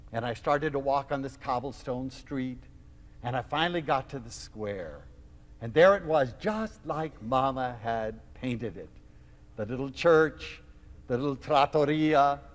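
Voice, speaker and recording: A man giving a lecture to an audience, telling a personal story in a theatrical, expressive way. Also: a little high, big-room sound. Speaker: lecturer on love.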